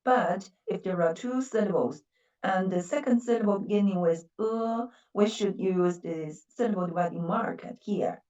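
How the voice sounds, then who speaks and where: A woman's voice: medium pitch, normal speed, warm tone, echoey room, distant mic, lo-fi sound. A woman with a Chinese accent and Mandarin as her first language, teaching a language lesson patiently and repeating words with stressed syllables.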